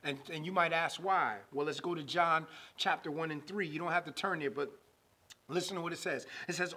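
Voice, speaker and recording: A man preaching a sermon, building to loud emphatic passages and slowing to draw out scripture. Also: a little high, slightly rough.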